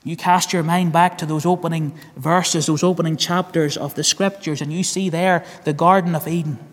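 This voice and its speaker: A man's voice: on the high side, fairly even intonation, moderate pace. A man with a Northern Irish accent preaching a sermon, earnest, repeating key phrases and calling listeners friend. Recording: long hall reverb.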